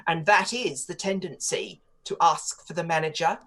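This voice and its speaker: A woman's voice: on the low side, moderate pace, a bit bright. A woman, a political commentator arguing her views at length in a radio interview, articulate and opinionated. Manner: articulate and opinionated, long flowing arguments. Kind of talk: studio interview on talk radio.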